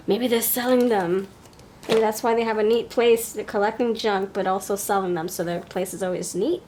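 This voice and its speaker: A woman's voice: medium pitch, little pitch movement, fairly quick, darkish tone, slight background noise. A woman with a New York accent giving a pick-a-card tarot reading, chatty and thinking aloud as she goes. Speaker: tarot reader.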